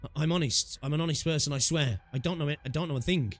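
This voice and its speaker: A man's voice: a little high, quick pace, soft background music, close to an everyday voice. A man voicing a frightened young prisoner who stammers and begs, reading game dialogue aloud. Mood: pleading. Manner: stammering, begging.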